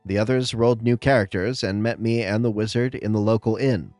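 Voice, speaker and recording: A man hosting and reading out funny game stories as scripted narration, with lively comic timing and dramatic pauses. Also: fairly low pitch, no room sound, faint music behind. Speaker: host.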